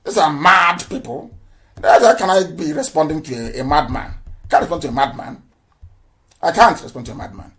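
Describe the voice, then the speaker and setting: A man hosts a live call-in broadcast in a defiant, boastful way and drives his points home with emphasis. His voice sits fairly high for a man. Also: normal speed, a bit bright. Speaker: call-in show host.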